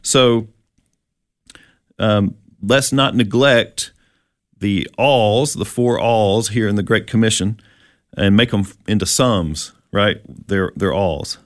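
A man's voice: on the low side, slow pace, no echo, clean studio sound. Man teaching Bible verses in casual chat. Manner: explanatory, with many fillers and restarts. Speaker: co-host.

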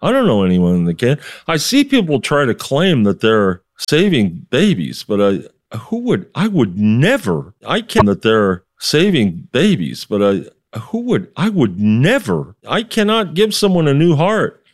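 Animated man, lively storytelling voice. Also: medium pitch, unhurried, few pauses. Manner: emphatic, quotes others in dialogue, many restarts. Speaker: street preacher.

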